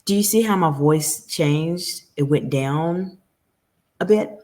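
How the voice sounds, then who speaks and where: A woman's voice: low-pitched, takes it slowly, a little mellow. A woman coaching professional women on communication, speaking straight to her viewers in an earnest, advisory way. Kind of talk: direct-to-camera coaching talk.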